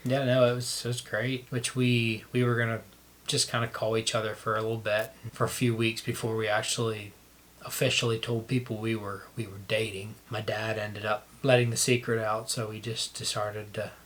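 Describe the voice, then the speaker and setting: A man casually telling how he met his wife, halting and restarting as he talks. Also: on the low side, flat delivery, a bit bright, a little hiss or hum. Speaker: vlogger telling their love story.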